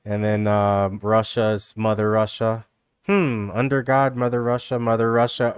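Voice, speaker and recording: Smooth-voiced rambling male streamer. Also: fairly low pitch, fairly even intonation, measured pace, dry recording, clean studio sound. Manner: rambling, repetitive, mocking, peppered with "dude" and "you know". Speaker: live streamer reacting to videos. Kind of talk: casual rambling stream commentary.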